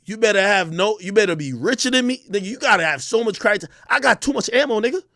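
A man ranting to camera as an online personality, loud and boastful with profane trash talk. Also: high voice, lively intonation, fast, no room sound, studio quality.

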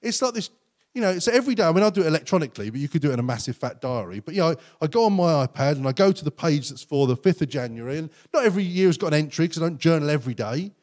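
A man preaching a sermon as pastor, earnest and conversational, often acting out quotes in lively voices. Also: fairly high pitch, rapid-fire.

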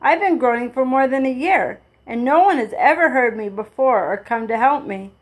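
A sorrowful, very polite man made of tin, read by a woman in her own fairly high voice. He speaks slowly and earnestly, with grateful courtesy. The telling is plain storybook reading. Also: lightly acted, poor audio.

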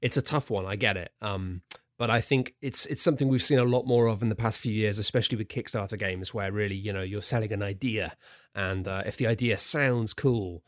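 A man's voice: lowish voice, fairly quick, no room sound, studio quality. A man co-hosting a podcast in casual chat, thoughtful and hedging, with many fillers. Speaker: podcast co-host.

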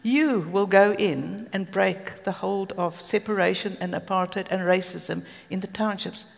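A woman's voice: medium pitch, a little slow, creaky. A South African woman preaching a sermon, telling stories earnestly with asides. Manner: earnest, storytelling, with asides and light laughs. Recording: long hall reverb.

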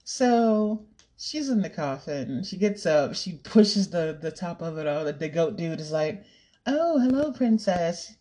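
Slow-talking, giggly young woman vlogger. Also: sits low, dark tone. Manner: rambling, giggly, swears casually. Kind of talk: casual chat.

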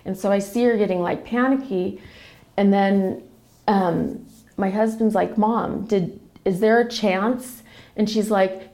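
A woman's voice: mid-range voice, fairly even intonation, normal speed, darkish tone. A woman telling a personal family story in a casual, emotional, rambling way with many restarts. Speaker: guest sharing a family story.

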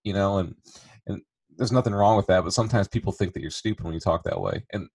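A man's voice: low voice, quick pace, a little mellow, breathy edge. A man from the northern United States with a slight Southern twang, chatting casually and laughing easily. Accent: northern American with a slight Southern twang. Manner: laid-back, laughs easily, swears casually. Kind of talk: casual chat.

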